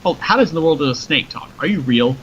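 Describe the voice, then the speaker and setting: A man's voice: on the high side, animated, quick pace, a bit bright, pitched above the performer's own voice. A man voicing a parched, confused stranded man who asks anxious questions, in a dull lo-fi recording with faint noise. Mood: bewildered.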